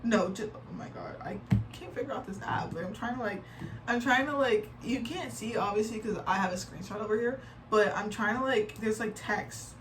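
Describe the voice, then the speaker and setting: A young woman gives casual reaction commentary, chatty and quick to sound exasperated, with plenty of "like" filler. She sits some distance from the mic. A faint noise runs underneath. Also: on the high side. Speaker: reaction video creator. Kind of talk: casual reaction commentary, reading posts aloud.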